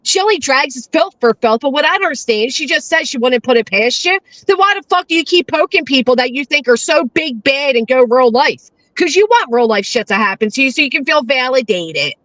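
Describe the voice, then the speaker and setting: A high, lively female voice with animated swings, recorded dry and close. She jeers sarcastically at what she is watching and swears freely. Her talk is quick and scornful. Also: dry recording. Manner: mocking, sarcastic, swearing, laughing asides. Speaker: co-commentator. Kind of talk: mocking commentary chat.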